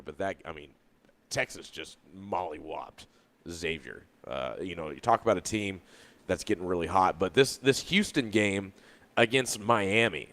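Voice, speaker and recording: A man's voice: deep voice, a bit bright. Man rambling on sports radio. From Louisville, Kentucky. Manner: loose, rambling, with restarts. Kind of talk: casual sports talk. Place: radio studio.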